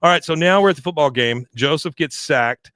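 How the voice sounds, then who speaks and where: A man's voice: a little high, fairly quick, sharp tone, dry recording, clean studio sound. A man co-hosting a podcast, chatting casually as he recaps a cartoon episode and airs blunt opinions. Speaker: podcast co-host.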